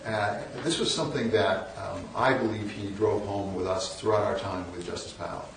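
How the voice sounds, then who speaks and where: Speaking at a normal pace in a fairly low, steady voice, this northern U.S. man in his sixties tells wry stories that poke fun at himself, often restarting his sentences. He's a guest lecturer in a large lecture hall. The recording is echoey, taken from a distant mic with slight background noise.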